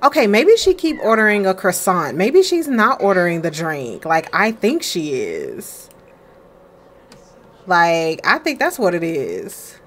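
Playful chatty woman streamer, lively pitch. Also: unhurried, a little hiss or hum. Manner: chatty, playful, talks to her characters. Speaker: let's play streamer. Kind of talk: casual game commentary.

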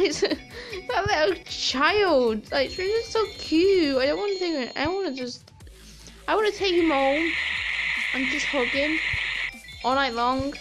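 A woman giving giggly, excitable commentary while playing a dating sim and reading its lines aloud. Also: sits high, measured pace, faint music behind. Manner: giggly and excitable, reads game text aloud. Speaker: gaming video host. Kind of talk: let's play commentary.

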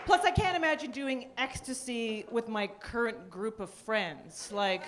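A woman from Canada performing a stand-up comedy set on a club stage, dry and deadpan, with sudden high-pitched bursts. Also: a little slow, some chatter behind. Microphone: handheld stage mic. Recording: live club recording with audience laughter. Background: audience laughter.

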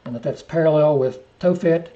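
A man teaching a verse-by-verse Bible lesson, reading scripture slowly and deliberately, then dropping into quiet, offhand asides. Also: a little high. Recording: muffled lo-fi recording.

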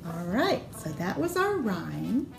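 A woman working as a children's librarian, reading a picture book aloud at storytime in a gentle, expressive, animated way. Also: medium pitch, takes it slowly, vocal fry, reverberant, loud music behind the voice.

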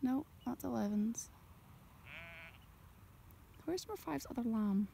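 A young woman doing soft-spoken ASMR outdoors in a sheep field, talking gently and chattily, often in a half-whisper. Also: fairly high pitch, expressive, slow, vocal fry, a little hiss or hum. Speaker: ASMR creator and farmer.

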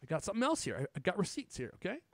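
A man hosting a casual tech podcast, excitedly showing off gadgets and chatting. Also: high voice, rapid-fire, dry recording. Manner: excited, shows gadgets on camera. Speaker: podcast host.

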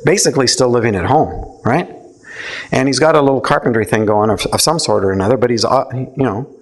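A man's voice: medium pitch, a little fast. A man speaking to a live audience in a casual, conversational way, often checking in with listeners and acting out quoted lines. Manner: conversational, asks the audience questions, acts out quotes. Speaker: speaker teaching a theology session. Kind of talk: informal talk to a live audience.

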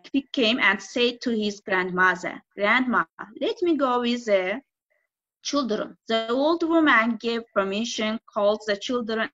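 A woman teacher reading a folk tale aloud in halting English during a lesson presentation. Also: a little high, sharp tone. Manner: halting non-native English, slow careful reading. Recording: dull lo-fi recording.

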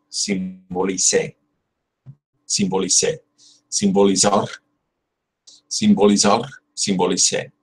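A man's voice: on the low side, a little hiss or hum. A young man on a casual livestream, repeating verb forms aloud and muttering asides as he studies. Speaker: channel host studying Spanish. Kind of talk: casual livestream study session.

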